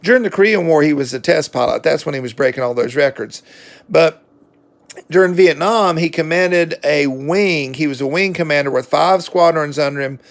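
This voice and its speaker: A man's voice: on the high side, vocal fry. A man with a Southern accent giving a rambling, folksy book review vlog, full of fillers and self-corrections. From southern United States.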